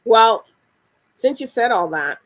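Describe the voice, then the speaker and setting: A woman hosting an interview, lively and encouraging as she prompts her guest. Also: fairly high pitch, slow pace, no echo. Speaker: talk show host. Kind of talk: casual interview talk.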